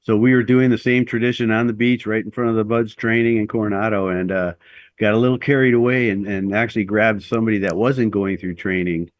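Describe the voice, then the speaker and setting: A man's voice: lowish voice, steady tone, brisk, no room sound, lo-fi sound. A middle-aged man, a former Navy SEAL, telling stories in a casual interview, with rambling speech full of fillers and restarts.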